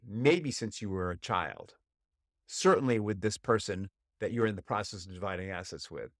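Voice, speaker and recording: A man hosting a solo podcast as a relationship coach, telling a story and jumping high in pitch to act out inner voices. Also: dry recording, studio quality.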